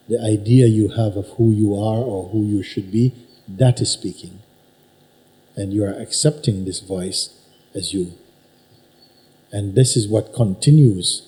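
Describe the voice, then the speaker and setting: A man teaching at a spiritual gathering, unhurried and emphatic, probing his listener with repeated questions. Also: lowish voice, warm tone, poor audio. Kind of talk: satsang teaching talk. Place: teaching hall with an audience.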